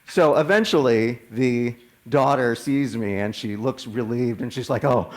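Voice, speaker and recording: A man's voice: medium pitch, unhurried. A man, a minister telling a personal story in a sermon in a conversational way, often restarting words. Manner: conversational, animated when quoting others, frequent stammered restarts.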